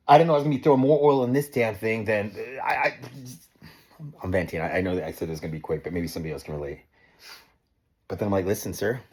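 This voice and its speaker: Slightly rough and fairly low in pitch, this man in his forties vlogs about his motorcycle in a profane, heated rant. Once he's worked up, he stumbles, repeating and restarting words, and keeps ending sentences with "man."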